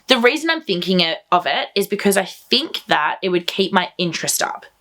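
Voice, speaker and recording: A woman's voice: on the low side, very animated, a little fast, pushed and bright. A woman hosting a knitting podcast, chatting casually to camera at home in an enthusiastic, rambling way.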